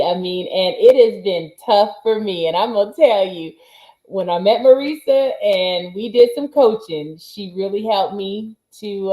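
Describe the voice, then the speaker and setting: Emotional woman coach with a dark voice. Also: lowish voice, echoey room, rough recording. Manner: energetic, emotional, tough-coach enthusiasm. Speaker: fitness coach. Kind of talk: casual group video chat.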